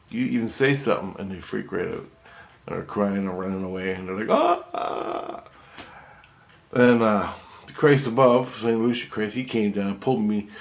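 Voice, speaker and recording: Profane, rambling man with a low voice. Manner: profane and halting, with many restarts. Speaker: vlogger. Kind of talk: rambling personal storytelling.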